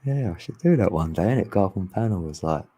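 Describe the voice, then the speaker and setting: A man talks casually with his online group, wandering from thought to thought and laughing often. His voice sits a little low and sounds mellow and husky. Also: expressive, fast. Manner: rambling and chatty, laughs often. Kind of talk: casual chat.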